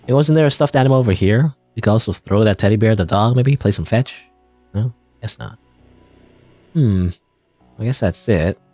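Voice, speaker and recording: A man's voice: on the low side, moderate pace, long pauses, mellow, dry recording, soft background music. A man giving casual gameplay commentary, rambling and chuckling as he thinks aloud. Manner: rambling, chuckling, self-interrupting. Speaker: let's play gamer.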